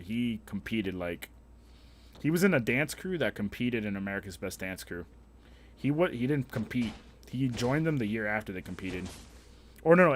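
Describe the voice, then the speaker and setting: A young man streams live, bantering with chat in a crude, profane, joking way. His voice sits on the low side. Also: a bit bright, slight background noise.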